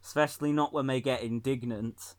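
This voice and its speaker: A man in casual political chat, talking in wry, rambling runs and laughing at his own jokes. His voice sits at an ordinary middle pitch, and he goes off on long tangents that circle back to the point. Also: steady tone, fairly quick. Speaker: podcast co-host.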